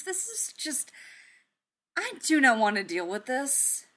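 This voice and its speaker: A woman's voice: big pitch swings, takes it slowly, full character voice. Woman voicing an exasperated, grumbling male inventor. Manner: loud, high-pitched protests. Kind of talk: audiobook character reading.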